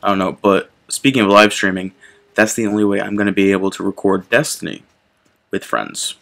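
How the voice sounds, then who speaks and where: A young man hosting his gaming channel, chatting casually and reacting out loud to the game as he plays. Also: on the low side, brisk, creaky. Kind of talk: casual gameplay commentary.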